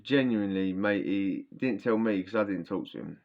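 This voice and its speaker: Speaking at normal speed in a fairly low voice, a man with a sore throat rambles through prison stories in casual slang, frequently starting his sentences over. The audio is dull and lo-fi.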